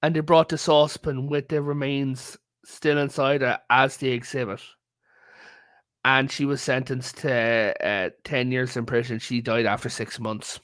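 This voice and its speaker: A man's voice: medium pitch, flat delivery, unhurried, a bit bright, no room sound. A man from Ireland, a guest in a casual history chat over a video call, telling stories with frequent "like" and "right?". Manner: storytelling, peppered with "like" and "right?".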